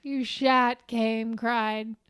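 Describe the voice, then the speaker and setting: A woman's voice: a little high, flat delivery, drawn-out words, a bit bright, clean tone, no room sound, studio quality. A young woman co-hosting a podcast, teasing her co-host with crude jokes in casual chat.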